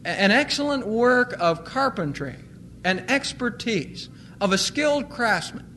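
A male pastor preaching a sermon, slowing to stress single words. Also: very high voice, lively intonation, sharp tone, a little hiss or hum.

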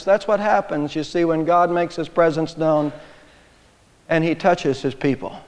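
A man preaching a sermon as pastor, emphatic and swelling louder on key phrases. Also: on the high side, measured pace. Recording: long hall reverb.

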